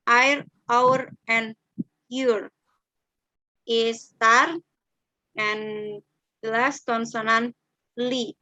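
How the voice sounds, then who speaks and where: A young woman lists phonetics examples in English at a very slow, word-by-word pace, pausing on fillers. Her voice is bright and fairly high, and the recording is dry, with no room sound. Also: dry recording, rough recording. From Indonesia. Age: young adult. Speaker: student presenter. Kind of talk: reading a phonetics lesson.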